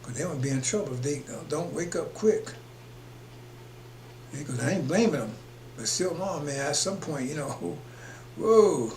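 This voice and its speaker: A man's voice: a little high, expressive, moderate pace, pauses often, a little mellow. A man preaching on a broadcast in an emphatic, rambling way, chuckling between his points. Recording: echoey room with faint hum.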